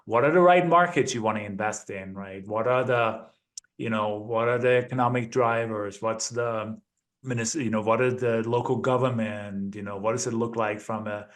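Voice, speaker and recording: Male guest in his 50s, mid-range pitch, measured, checks in with the listener often. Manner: measured, peppers speech with "right?" and "you know". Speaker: interview guest. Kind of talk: interview conversation.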